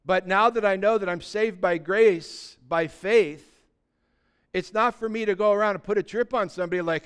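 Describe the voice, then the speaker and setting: A man preaching a sermon as pastor, talking conversationally and building to loud, emphatic peaks, often acting out what people say. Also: high voice, normal speed, clean tone. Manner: acts out quoted voices of believers.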